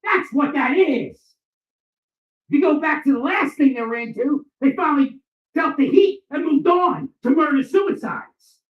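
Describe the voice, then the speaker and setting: A man delivering a furious, profane ranting monologue and often shouting. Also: very high-pitched, a little slow. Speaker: vlogger. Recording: echoey, distant, dull sound.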